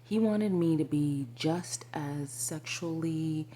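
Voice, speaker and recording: A woman telling a personal spiritual story to her viewers, confiding and often slipping into a breathy whisper, with many asides to the listener. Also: deep voice, slow pace, dark tone, a little hiss or hum. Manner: frequent fillers and asides to the listener. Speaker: spiritual vlogger.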